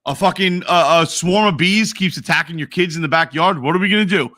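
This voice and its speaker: Bright, profane man, animated podcast chat. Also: a little high, a little fast. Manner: profane, animated, does mocking voices. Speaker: podcast co-host. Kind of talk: casual chat.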